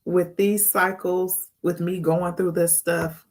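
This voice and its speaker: A woman's voice: fairly low pitch, little pitch movement, slow pace. A woman hosting a heartfelt spiritual talk as a life coach, speaking to the camera in an earnest, emotional way and often repeating her words. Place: indoors, on camera.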